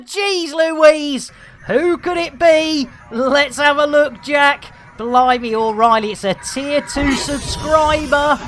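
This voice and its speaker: A man's voice: extremely high pitch, slow pace, fairly bright tone. A man livestreaming a space game, chatting casually with viewers in a cheeky, playful way and full of hammy exclamations. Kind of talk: casual chat with chat shout-outs. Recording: faint game music behind.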